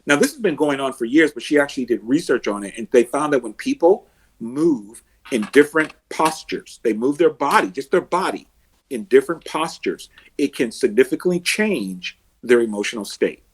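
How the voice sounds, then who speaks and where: Male podcast guest, life coach type, husky voice, mid-range pitch, lively storytelling that acts out the quotes. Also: moderate pace. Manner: animated storyteller, acts out quotes and heroic laughs. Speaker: emotional success coach.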